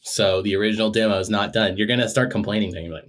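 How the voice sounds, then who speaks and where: A man's voice: on the low side, fast. A man co-hosting a casual reaction show, teasing and sarcastic toward his partner. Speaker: co-host.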